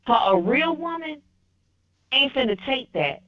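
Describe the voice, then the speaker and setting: Brief: female caller, slow and opinionated, muffled phone sound. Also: high-pitched, big pitch swings. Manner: firm, opinionated, restarts often. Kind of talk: casual call-in phone talk. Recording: dull lo-fi phone line.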